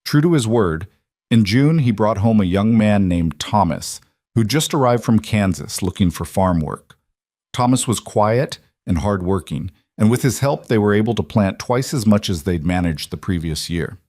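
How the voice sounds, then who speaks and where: A man narrating a western story in a steady, measured manner. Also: on the low side, no echo, clean studio sound.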